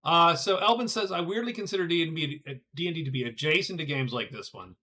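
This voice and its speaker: A man's voice: a little high, lively intonation, fast, pushed and bright, slight background noise. A middle-aged man streaming a solo board game, chatting casually with viewers as he thinks aloud, often stumbling and repeating words. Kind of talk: casual live-stream chat while playing a board game.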